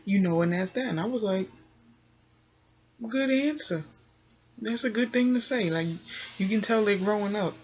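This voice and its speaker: A woman's voice: mid-range voice, brisk, a little mellow, slightly rough, dull audio. A woman giving a chatty, casual review of a reality TV episode, full of fillers and acted-out quotes. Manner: chatty, full of "you know" and "um", acts out quotes. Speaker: TV recap vlogger.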